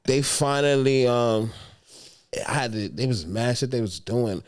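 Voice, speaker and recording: A man's voice: mid-range voice, unhurried. A young adult man, telling a story as a comedian guest on a podcast in a casual, slangy, profane way. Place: podcast studio.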